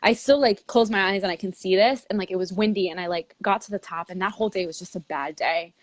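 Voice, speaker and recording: A woman's voice: medium pitch, fast, dry recording. Chatty woman telling a story, dry sound. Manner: chatty, heavy use of "like", expressive retelling. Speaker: interview guest, travel influencer. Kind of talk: casual storytelling interview.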